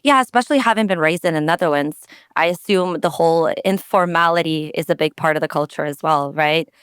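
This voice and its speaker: A woman hosting a podcast who talks fast and asks curious questions. Her voice is low and smooth, and the sound is dry and close. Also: fairly bright tone, no room sound. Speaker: podcast host. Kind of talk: conversational interview.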